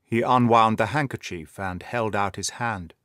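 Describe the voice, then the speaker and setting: Give me a man narrating a period tale, measured and formal, with a dry close recording. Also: lowish voice, sharp tone, no echo. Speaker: audiobook narrator. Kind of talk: scripted narration of a period story.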